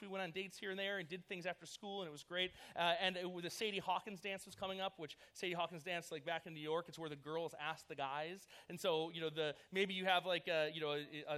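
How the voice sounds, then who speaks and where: Fast-talking, bright-voiced male youth pastor. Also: on the high side. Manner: energetic, chatty storytelling with many fillers. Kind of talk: sermon.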